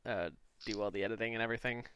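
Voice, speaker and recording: A man's voice: lowish voice, fairly even intonation, very fast, fairly bright tone, clear, resonant tone, no echo. A man co-hosting a podcast in casual comedic chat, affectionate and giggly. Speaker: podcast co-host.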